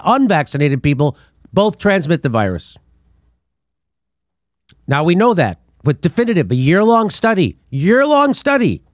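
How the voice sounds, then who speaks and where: A middle-aged man hosts a political commentary show in a slightly high, lively voice. He sounds scornful and laughs between his points. The sound is close and dry, with no room echo. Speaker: show host.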